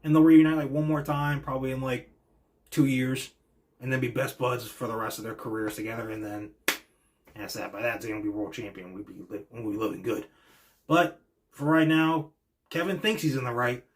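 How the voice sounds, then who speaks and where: Man, podcast host, rambling casual talk, opinionated, lots of fillers, mid-pitched voice. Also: moderate pace, a little hiss or hum. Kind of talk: casual wrestling reaction monologue.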